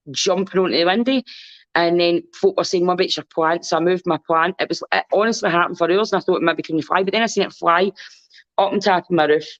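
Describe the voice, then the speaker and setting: A woman's voice: fairly low pitch, no echo. A Scottish woman speaking as a podcast guest in casual chat, rambling and candid and swearing freely. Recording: dull lo-fi recording.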